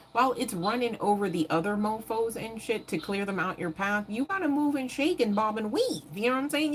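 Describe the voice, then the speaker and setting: A woman giving a live tarot reading in a casual, animated way, swearing freely and laughing often. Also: mid-range voice. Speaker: tarot reader.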